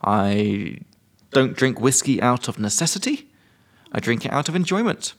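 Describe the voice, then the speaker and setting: A man's voice: medium pitch, big pitch swings, moderate pace. A man hosting a casual podcast, teaching vocabulary with jokes and casual swearing. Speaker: podcast host and English teacher.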